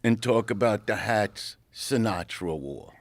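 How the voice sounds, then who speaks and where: A middle-aged man, a comedian telling a profane, animated story on a podcast. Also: on the low side, measured pace, no echo. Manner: animated, profane, acts out quotes. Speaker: comedian guest.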